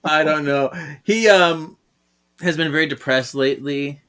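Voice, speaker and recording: A man's voice: a little high, a little slow, fairly bright tone, clean tone. A man co-hosting a podcast in casual chat, enthusiastic and laughing often. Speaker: podcast co-host.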